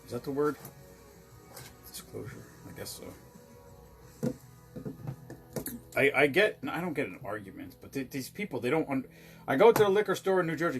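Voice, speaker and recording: A slightly drunk man chats loosely from behind his home bar, cursing freely and drifting from one story to the next. His voice sits at an ordinary middle pitch, with faint music playing behind him. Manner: profane, rambling, giggly storyteller. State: tipsy. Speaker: show host mixing drinks. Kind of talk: casual chat.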